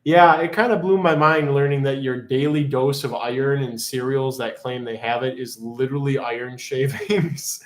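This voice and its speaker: A man's voice: medium pitch, fairly even intonation, moderate pace, hardly any pauses. A man hosting a live-streamed auction in casual chat, rambling and joking as he reads out the chat. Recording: echoey room.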